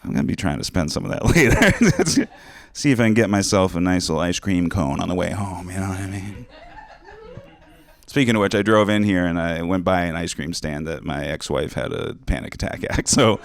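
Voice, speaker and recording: A man's voice: low-pitched, a little fast, vocal fry, no room sound. A man doing a crude, rambling stand-up set in a small studio, often laughing at his own jokes. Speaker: stand-up comic. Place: small cable access studio stage.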